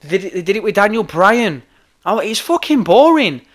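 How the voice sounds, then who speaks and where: Hoarse, ranting podcaster. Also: male voice, high voice, big pitch swings, moderate pace. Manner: heated, sweary, repeats himself. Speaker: podcast host. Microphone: podcast microphone.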